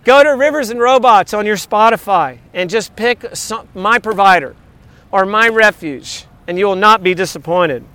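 Middle-aged male pastor, high smooth tenor, animated sermon with sung lyric snippets. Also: moderate pace, dry recording. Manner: animated, sings along and speaks lyrics.

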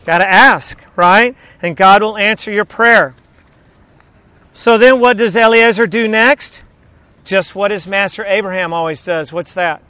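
A man's voice: high-pitched, bright, forceful tone, no room sound. A man preaching a sermon, telling stories and asking the audience questions. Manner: storytelling, asks the audience questions.

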